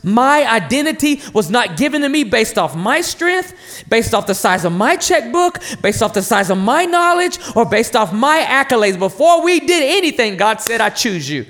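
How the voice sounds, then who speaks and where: A man in his thirties preaches with a voice pitched very high for a man. His delivery is lively, with the pitch swinging widely. He pleads and asks the congregation questions. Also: moderate pace, in a large hall. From North Carolina, USA. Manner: passionate, animated preaching with rhetorical questions to the crowd. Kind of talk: sermon.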